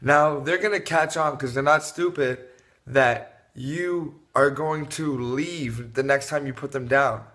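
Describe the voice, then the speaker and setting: A man talking casually to camera, giving fathers tips on putting a baby to sleep, with a relaxed, rambling manner and lots of fillers and restarts. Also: mid-range voice, slow pace. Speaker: parenting vlogger. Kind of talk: casual advice talk to camera.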